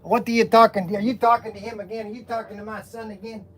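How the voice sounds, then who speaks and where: A fussy, bumbling middle-aged boss, as a man imitates him, fussing in a slow, mock-formal way. The voice is high and bright, and it stays fairly soft. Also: level tone, soft background music.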